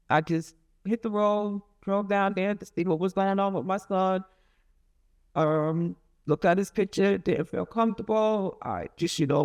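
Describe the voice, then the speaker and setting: A middle-aged woman in an interview, recounting a painful family story in a halting, emotional way with many restarts. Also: medium pitch, darkish tone. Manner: emotional, rising and falling with feeling. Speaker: interviewee, mother of a convicted son. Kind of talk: emotional personal account in an interview.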